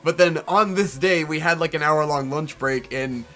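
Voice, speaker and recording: A man co-hosting a casual chat, telling a long story in an animated way and swearing freely. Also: a little high, moderate pace. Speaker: co-host.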